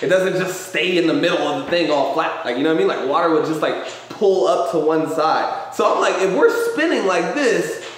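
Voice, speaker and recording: A man hosting a live question-and-answer show, talking in a loose, animated way about feelings and life and swearing casually. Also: fairly high pitch, a little fast, hardly any pauses. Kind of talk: casual motivational chat. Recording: very echoey room.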